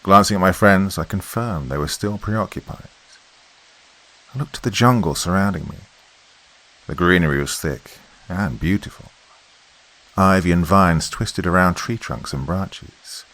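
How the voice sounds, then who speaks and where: A man narrating a horror podcast story, reading his script at a measured, steady pace. His voice is low and deep throughout, unhurried and even. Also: rough recording.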